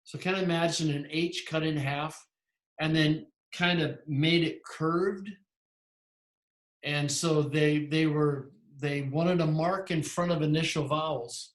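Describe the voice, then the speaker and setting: Male teacher, rambling lecture style, slightly high voice, roomy echo. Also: steady tone, takes it slowly. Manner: rambling, self-correcting explanations. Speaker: Greek teacher. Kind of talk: lecturing in a class.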